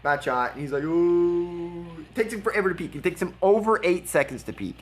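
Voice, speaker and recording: A man's voice: on the high side, lively intonation, fast, husky. A man giving casual, blunt commentary over a gameplay replay, mocking and laughing at his opponent. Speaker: gaming video creator.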